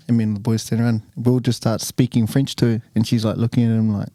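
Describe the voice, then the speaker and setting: A man, co-hosting a casual podcast and telling stories in a lively, laughing way, swearing often. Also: mid-range voice, brisk, dry recording. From New Zealand. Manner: animated, laughing storytelling with frequent swearing. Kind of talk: casual chat.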